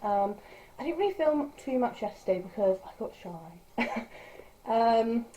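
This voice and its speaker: Young woman, casual vlogger, mellow and warm, chatty with lots of ums. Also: a little high, animated, measured pace, a little hiss or hum, rough recording. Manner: chatty, rambling, with filler words. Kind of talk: casual vlog chat.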